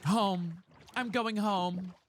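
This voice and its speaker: A game streamer chatting live with viewers while playing, profane and excitable, swinging between low grumbles and loud squeals. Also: very slow, slight background noise.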